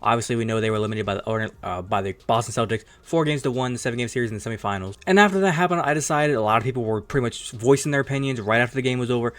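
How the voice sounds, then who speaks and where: Hosting his own sports channel, a man with a mid-range, slightly bright voice rambles fast through opinionated commentary. His tone is casual, and he swears now and then.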